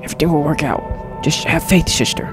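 A man voicing a fearful male cult member in a game, speaking in a hushed, cautioning way. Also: a little high, fast talker, lightly acted. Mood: hushing. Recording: game music behind.

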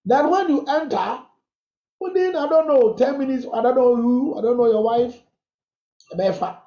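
A man's voice: very high voice, expressive, moderate pace. A man, a bishop giving emphatic, preacherly counsel on marriage questions to a congregation. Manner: emphatic, preacherly, switches freely between languages. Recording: echoey, dull lo-fi sound.

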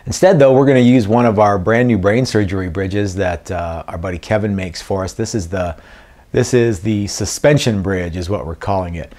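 A man talks through a casual guitar-building vlog. He rambles and jokes, and his sentences often sink into quiet, mumbled fillers. He sometimes stops to correct himself. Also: on the low side, normal speed. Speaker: guitar builder and channel host.

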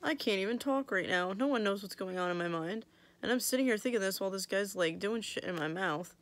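A young woman tells a story to her camera in a loose, chatty way. She mocks herself, quotes her own thoughts aloud and laughs often. Her pitch sits in the middle. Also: expressive, a little fast. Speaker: vlogger. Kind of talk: casual storytelling.

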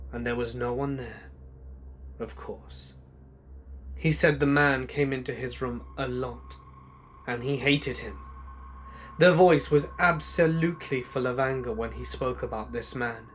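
A man reads true creepy stories at an unhurried, deliberate pace. His voice sits at a middle pitch and drops quieter at the end of each line. A faint ambient hiss runs underneath. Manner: slow, hushed storytelling that drops low at the ends of lines. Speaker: narrator. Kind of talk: scripted horror narration.

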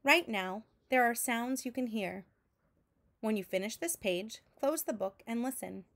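A woman's voice: on the high side, measured pace, a bit bright. Woman reading a picture book aloud. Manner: adds vocal sound effects between narration. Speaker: teacher.

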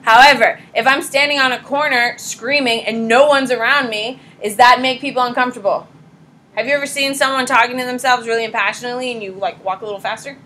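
A pregnant woman teaching a high school psychology class in a casual, blunt lecture style, talking straight to her students. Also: fairly even intonation, quick pace, pushed and bright, a little hiss or hum, low-quality recording.

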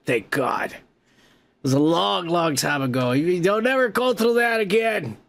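High-voiced profane podcast host. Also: male voice, moderate pace, creaky, fairly bright tone. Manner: loose, swearing, laughing often. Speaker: podcast host reading comments. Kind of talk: casual profane storytelling.

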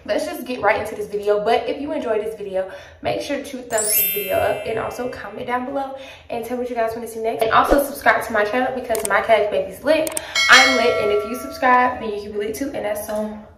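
A woman's voice: a little high, brisk, pushed and bright, echoey room, far from the mic, a little hiss or hum, poor audio. A woman giving a playful, hyped intro to her beauty vlog. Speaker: beauty vlogger.

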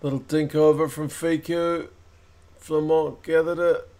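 A man with a New Zealand accent hosting a rugby watch-along, calling plays and chatting with viewers, getting quicker and higher at close calls. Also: level tone, a little mellow. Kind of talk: live match commentary and chat.

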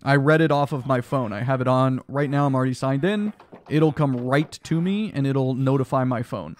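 A man's voice: mid-range voice, normal speed, a little hiss or hum. A young man streaming a block game live, chatting casually and reading his chat aloud, tired from lack of sleep. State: sleep deprived, yawning.

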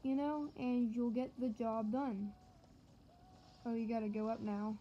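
A gaming channel host, a woman with a fairly high voice, does let's-play commentary on a fighting game, chattering and joking directly to her viewers. She gets excitable and shouts at enemies between casual asides, speaking a little slowly, with faint noise under her voice and dull audio.

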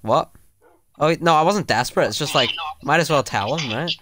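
A man cracking quick, mocking one-liners in a game roleplay court. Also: on the high side, very noisy.

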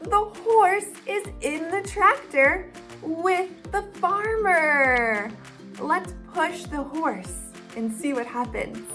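A young woman hosting a children's learning video, talking in a slow, exaggerated, encouraging sing-song for toddlers. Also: extremely high pitch, pushed and bright, soft background music. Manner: exaggerated, encouraging, drawn-out words. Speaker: children's educational video host.

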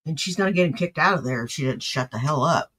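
Blunt, husky reaction commentator. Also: medium pitch, animated, fast talker, a bit bright. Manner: blunt, exasperated.

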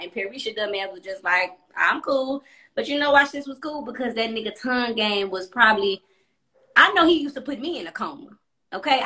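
A young woman with a fairly high, sharp-toned voice livestreams from a room in her apartment. She tells a personal story in a blunt, profane and chatty way.

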